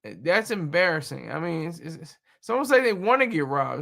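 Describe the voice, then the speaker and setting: A man with a gravelly, bright edge to a slightly high voice talks through the news on his livestream. He rambles and jokes, doubling back on himself with fillers as he riffs to his viewers. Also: brisk, few pauses. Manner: animated, joking, rambling with fillers. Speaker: livestream host reacting to news. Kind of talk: casual livestream commentary.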